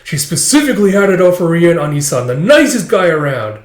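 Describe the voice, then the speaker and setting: A man voicing an excitable young male apprentice who gossips eagerly about a rival. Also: fairly high pitch, quick pace, voice pushed up. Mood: gossipy. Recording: echoey room.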